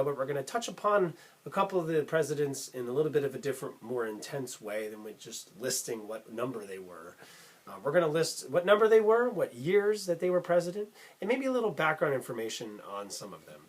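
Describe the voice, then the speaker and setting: A man hosting a casual lesson for children, chatty and upbeat, often calling facts cool. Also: a little high. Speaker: music teacher and channel host.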